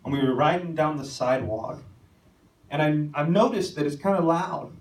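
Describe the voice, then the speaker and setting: A young man preaching a sermon as pastor, telling a story and rising to shouted calls at its peaks. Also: a little high, normal speed, far from the mic. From American. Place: church sanctuary. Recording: echoey church hall, mic from afar.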